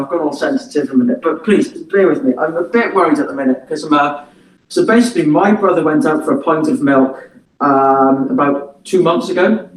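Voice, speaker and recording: A man's voice: a little high, distant mic. A young Englishman doing a rambling stand-up set of one-liners over a video call, often repeating "right, guys". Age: young adult. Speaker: stand-up comedian. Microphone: laptop or webcam mic on a video call. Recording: echoey room, away from the mic.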